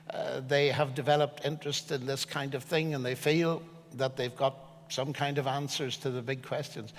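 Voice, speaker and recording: Older man, measured, emphatic, slightly high pitch, long hall reverb. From Northern Ireland. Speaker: guest speaker. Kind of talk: public discussion on stage.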